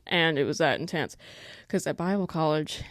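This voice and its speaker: A woman's voice: sits low, moderate pace, no room sound, clean studio sound. A woman in her twenties hosting a casual solo podcast, rambling chattily and breaking off to talk to her pet. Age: 20s. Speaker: podcast host.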